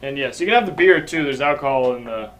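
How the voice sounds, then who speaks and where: A man's voice: medium pitch, expressive, fast. A man hosting a comedy live stream, hesitant and full of ums while reading chat messages. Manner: hesitant, lots of ums and uhs, trailing off. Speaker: show host.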